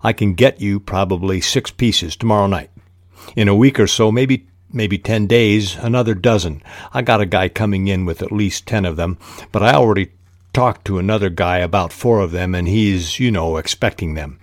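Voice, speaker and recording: A man reading as a flat young gun dealer. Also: on the low side, moderate pace, no echo, studio quality, lightly acted. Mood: matter-of-fact. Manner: plain reading of a novel's dialogue.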